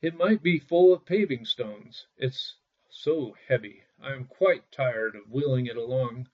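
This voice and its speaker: A man's voice: mid-range voice, measured pace, natural voice. A man voicing a clever, sly poor male peasant in a fairy tale, talking in a coaxing way, on a dull lo-fi recording.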